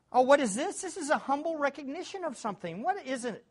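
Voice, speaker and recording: A man preaches with great emphasis. His pitch rises and falls in lively swings, from near-whispered asides to ringing exclamations. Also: fast. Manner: emphatic, swings from hushed to shouting. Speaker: pastor. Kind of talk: sermon.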